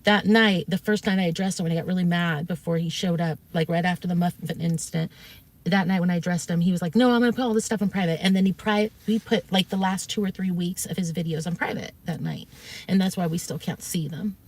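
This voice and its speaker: A woman's voice: fairly low pitch, steady tone, brisk. A woman streamer, telling her viewers a long story in a casual, rambling way with many fillers and restarts, swearing when she gets heated. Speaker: streamer recounting events.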